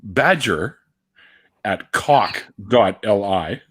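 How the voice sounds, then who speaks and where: Husky low-voiced man hosting a live chat. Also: animated, very slow, a bit bright. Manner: laughs often, swears casually. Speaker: host. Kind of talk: casual live-stream chat.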